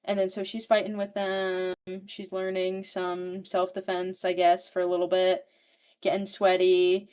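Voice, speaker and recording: A woman's voice: fairly low pitch, monotone, measured pace, darkish tone, clean tone. A woman co-hosting a podcast, recapping a novel in casual, rambling chat full of "like" and swearing. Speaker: podcast co-host.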